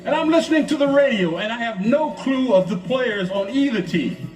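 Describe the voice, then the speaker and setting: A man's voice: very high-pitched, animated, moderate pace, reverberant, recorded from a distance, music in the background. A man animatedly telling a story and acting out a radio call. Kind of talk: casual anecdote.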